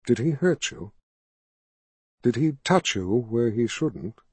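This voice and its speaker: A quiet, silky male tyrant who speaks low and coaxingly, feigning kindness, as a male audiobook narrator puts him on. The voice is husky and slow, close and dry. It is gentle on the surface and sinister underneath. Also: expressive, dry recording. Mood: coaxing, soothing. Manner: soft, coaxing and indulgent. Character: smooth, soft-spoken male tyrant posing as kind.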